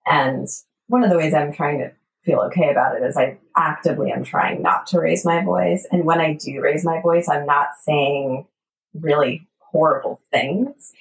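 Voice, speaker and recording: A woman in her forties hosting a podcast, talking earnestly and reflectively, sometimes dropping to a soft whisper. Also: sits low, fairly even intonation, normal speed. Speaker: podcast host. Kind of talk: casual conversation. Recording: roomy, distant mic.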